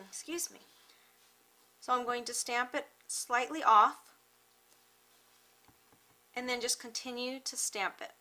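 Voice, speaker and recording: A woman hosting a card-making tutorial, talking through each step in a chatty, unhurried way with small fillers and self-corrections. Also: a little high, bright, forceful tone, rough recording. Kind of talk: step-by-step craft tutorial narration.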